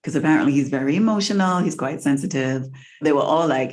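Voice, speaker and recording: A woman co-hosting a podcast, telling a personal story in a candid, wry way and slowing down for emphasis. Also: sits low, darkish tone. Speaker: podcast co-host. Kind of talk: casual storytelling chat.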